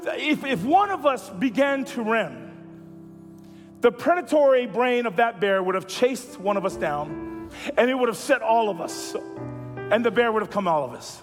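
A male pastor preaching a sermon as a lively storyteller. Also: extremely high pitch, in a large hall, music in the background. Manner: animated storyteller who builds to a hushed, slow close.

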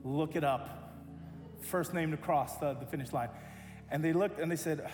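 High-voiced man preaching in an echoey hall. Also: moderate pace, soft background music. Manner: animated, acts out voices in his story. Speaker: pastor. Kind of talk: sermon storytelling.

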